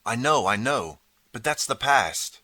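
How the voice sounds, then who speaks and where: A man's voice: mid-range voice, lively intonation, normal speed, bright, forceful tone, voice pushed up. A man voicing a desperate, eager boy who keeps pleading to be believed. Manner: pleading, earnest.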